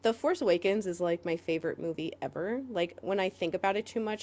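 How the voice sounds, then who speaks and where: A woman co-hosting a podcast in casual chat, rambling with lots of "like" fillers and quick laughs. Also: on the low side, a little mellow. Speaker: podcast co-host.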